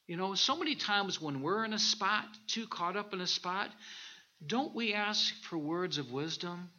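High, sharp-toned man preaching a sermon. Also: unhurried. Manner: animated storytelling, reads scripture aloud. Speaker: minister. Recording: dull lo-fi recording.

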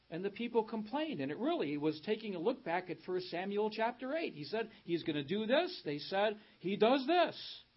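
Preacher, male, high lively voice, a bit husky, emphatic sermon delivery, dull lo-fi recording. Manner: emphatic, rising on key words, reads scripture aloud. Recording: dull lo-fi sound.

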